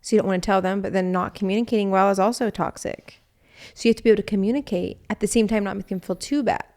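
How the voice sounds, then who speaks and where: A young adult woman hosts a relaxed podcast chat with her husband. She sounds tired yet talkative, with a medium-pitched voice, and she laughs easily and acts out the things she and others said. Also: fast. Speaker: podcast host. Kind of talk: casual couple chat.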